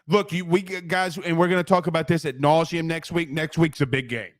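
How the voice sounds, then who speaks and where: A man with a high voice hosts a postgame sports show. He rants in a brash, profane, rapid-fire way, fired up and hammering each point. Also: fairly even intonation. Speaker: sports talk show host.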